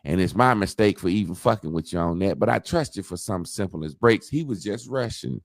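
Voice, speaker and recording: A man's voice: low-pitched, a little fast, vocal fry, no room sound, studio quality. A man telling a long story in casual chat, swearing freely and acting out what others said. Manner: profane, animated storytelling, acts out quotes. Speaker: podcast co-host.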